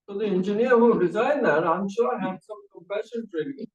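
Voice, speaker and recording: Male meditation guide, high voice, unhurried anecdotal telling, roomy distant sound. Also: highs cut off. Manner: storytelling with soft laughs and asides. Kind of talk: gentle anecdotal meditation talk. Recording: echoey room, distant mic.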